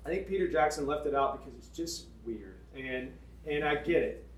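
Animated man preaching through a story. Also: on the high side, moderate pace, slight background noise. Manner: animated, conversational, emphatic. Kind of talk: storytelling sermon. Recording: echoey room, distant mic.

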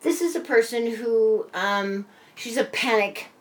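A woman's voice: fairly high pitch, measured pace, a loud crowd. A woman co-hosting a casual chat, telling a story animatedly with lots of swearing. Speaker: podcast co-host.

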